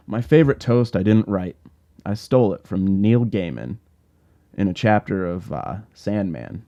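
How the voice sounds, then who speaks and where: A man, the author himself, narrates his own novel for an audiobook in a wry, laid-back first-person manner. His voice is low and mellow. The recording is a little dull and lo-fi. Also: animated, moderate pace.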